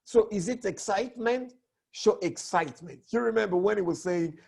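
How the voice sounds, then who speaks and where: Man teaching public speaking, hoarse, husky, raspy, high voice, swooping animated delivery. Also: normal speed. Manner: animated, swoops between high and low tones. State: hoarse, voice cracked from overuse. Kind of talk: online lesson.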